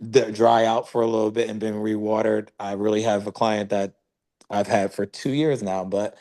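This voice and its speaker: A man's voice: fairly low pitch, flat delivery, normal speed, warm tone. A man, a real estate agent, talking casually in a team meeting with many filler likes.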